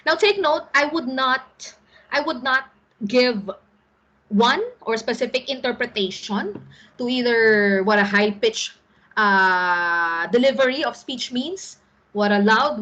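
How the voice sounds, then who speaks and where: Husky-voiced Filipino woman teacher, patient. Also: a little high, a bit bright, lo-fi sound. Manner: explains patiently, often checks in with "all right?". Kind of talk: online class lecture.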